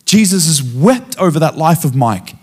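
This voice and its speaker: A man preaching as a guest speaker, telling a personal testimony in a lively storytelling way and acting out the dialogue. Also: a little high, normal speed, husky. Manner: animated storytelling, acting out dialogue with frequent restarts.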